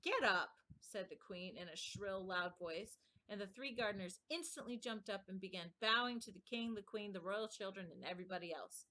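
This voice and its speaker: Brief: woman narrator for a read-aloud stream, bright, clear, measured. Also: mid-range voice. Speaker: stream host reading aloud.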